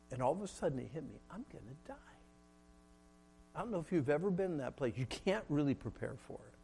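A middle-aged man preaching a sermon, telling a personal story with shifts between loud, laughing moments and hushed, solemn ones. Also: medium pitch, creaky, breathy edge.

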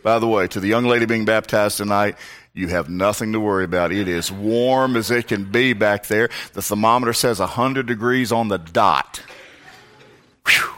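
A man's voice: fairly low pitch, moderate pace, a bit bright. A male pastor preaching a sermon, telling a personal story with comic asides.

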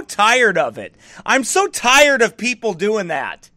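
Fired-up high-voiced male preacher. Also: huge pitch swings, slow pace, dry recording, clean studio sound. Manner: fired-up, shouting bursts, mocking soft baby talk. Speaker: pastor. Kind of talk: fiery preaching rant.

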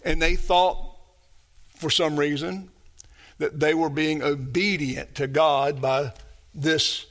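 A man preaching a sermon as pastor, emphatic and repetitive, building his phrases up to shouts. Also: a little high, fairly even intonation, slow pace.

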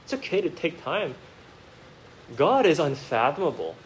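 A male pastor preaching a sermon to his congregation in a church. He talks to them directly with rhetorical questions and swings from quiet, reflective asides to emphatic outbursts. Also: on the high side, big pitch swings, normal speed, poor audio. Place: church sanctuary.

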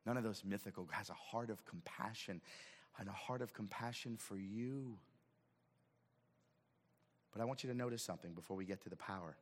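A man preaching a sermon as pastor, swinging from hushed asides to shouted emphasis. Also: on the low side, moderate pace, long pauses, long reverb tail. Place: church sanctuary.

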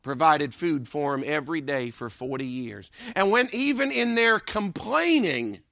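Male preacher, high gravelly voice, dry close sound, emphatic rhetorical sermon delivery with a repeated refrain. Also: big pitch swings, unhurried, bright, forceful tone, no echo.

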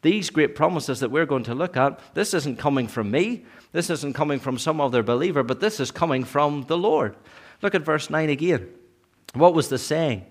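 A man preaching a sermon in church, earnest, sometimes rising to emphatic peaks and then dropping low. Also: expressive, normal speed.

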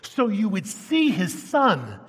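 Male pastor, high and bright, emphatic sermon delivery, long church-hall reverb. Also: takes it slowly, breathy edge. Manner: animated, emphatic, swinging from loud to hushed.

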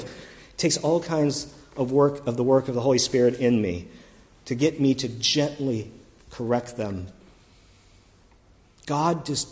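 A man preaching in a relaxed, talky way, stopping now and then to correct himself. His voice sits at an ordinary pitch. A long reverb trails after his words, as in a church hall. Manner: conversational, self-correcting, reads scripture aloud. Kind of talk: sermon.

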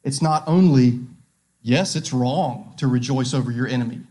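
A man preaching a sermon as pastor, reading scripture aloud and asking his listeners direct questions, swinging between loud emphasis and hushed tones. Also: mid-range voice, moderate pace.

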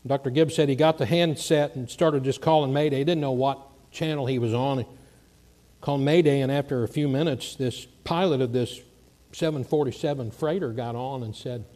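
A man preaching, telling a story in an animated way and acting out the voices of the people in it. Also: medium pitch, moderate pace. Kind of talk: sermon storytelling.

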